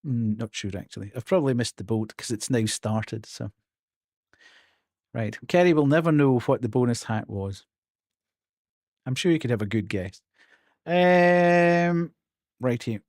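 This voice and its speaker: A man's voice: fairly low pitch, vocal fry, a little mellow, no echo, clean studio sound. A man streaming a horror game live, chatting casually with his viewers and laughing often. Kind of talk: live gameplay commentary.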